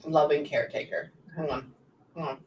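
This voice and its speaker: A woman working as a psychic medium, relaying messages in quick bursts and often pausing to say "hang on" during a live reading session. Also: low-pitched, darkish tone. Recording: echoey room, distant mic, faint background noise.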